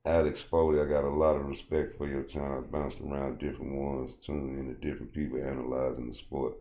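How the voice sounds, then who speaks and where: A man's voice: rumbling low, little pitch movement, fast, mellow, lo-fi sound. A man hosting a casual livestream, rambling and cursing as he answers chat comments. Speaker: livestream host.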